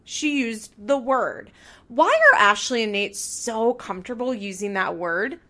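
A woman's voice: on the high side, unhurried, sharp tone. A young woman hosting a podcast, recapping a show in heated, profane rants. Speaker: podcast host.

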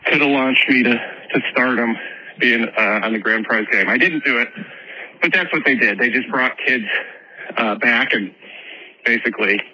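A man's voice: mid-range voice, normal speed, highs cut off, a little hiss or hum. A man leaving a rambling voicemail, telling a story with hesitant, self-deprecating asides. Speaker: voicemail caller.

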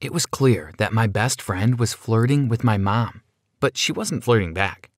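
A man narrating a first-person story in a steady, plain storytelling manner. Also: on the low side, a little slow, dry recording, studio quality.

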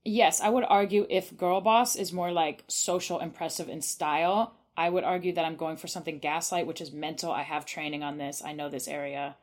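A woman's voice: low voice, steady tone, brisk, hardly any pauses. A woman playing a tabletop role-play, decisively explaining her moves. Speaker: player.

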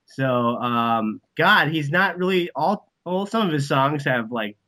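A man's voice: on the high side, animated, a little slow, sharp tone. Profane, fired-up man on a podcast. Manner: profane, rambling, emphatic. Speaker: guest, band manager. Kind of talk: casual podcast chat.

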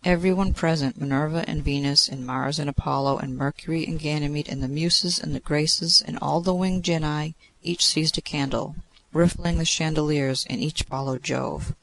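A man narrating a classic story in a measured, theatrical reading. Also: on the high side, fairly even intonation, gravelly, fairly bright tone, poor audio. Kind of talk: audiobook narration of classic fiction.

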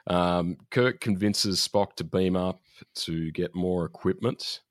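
Deep-voiced man recapping casually. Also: slow, no room sound. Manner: laid-back recapping with dry jokes. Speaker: podcast co-host recapping an episode. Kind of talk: casual chat.

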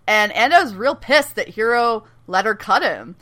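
A woman's voice: on the high side, expressive, a little slow, pushed and bright. A woman co-hosting a podcast, chatting casually and animatedly as she recaps a TV episode, swearing, laughing often and acting out characters' lines. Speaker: podcast co-host recapping a TV show. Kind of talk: casual chat.

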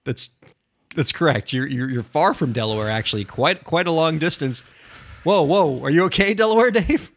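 A man's voice: a little high, expressive, normal speed. A man co-hosting a podcast in playful comedic banter, laughing easily as he humors his partner. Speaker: podcast co-host.

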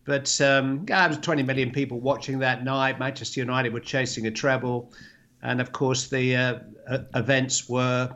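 A man who is a football commentator, reflecting in a measured way with frequent ums. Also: mid-range voice, fairly even intonation, a bit bright. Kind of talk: reflective interview.

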